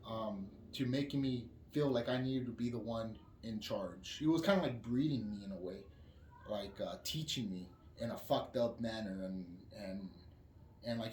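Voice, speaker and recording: A man's voice: mid-range voice, dark tone. A man as a podcast guest, talking in a profane, rambling way with frequent restarts. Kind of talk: casual candid chat. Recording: roomy echo with background noise.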